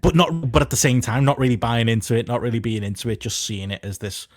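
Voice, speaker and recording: A man's voice: medium pitch, steady tone, quick pace, no room sound, studio quality. A man in his thirties co-hosting a podcast, telling rambling anecdotes with laughing asides. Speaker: podcast co-host. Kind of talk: casual podcast chat.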